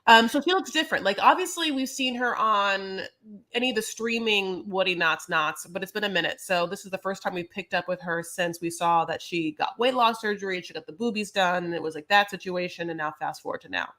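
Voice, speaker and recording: Sassy woman podcast host, bright sharp voice, chatty recap vibe. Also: mid-range voice, brisk. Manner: chatty, sassy, calls listeners "honey" and "my loves". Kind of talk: casual reality-TV recap chat.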